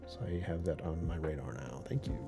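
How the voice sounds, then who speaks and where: A man's voice: extremely low pitch, fairly quick, creaky, music in the background. A man chatting casually on a live stream, rambling and joking with viewers.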